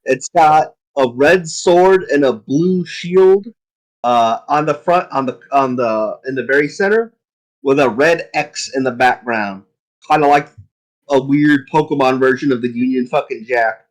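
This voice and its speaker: A man's voice: medium pitch, unhurried, poor audio. A young man narrating as game master of a tabletop game, casual and profane, rambling as he describes the scene.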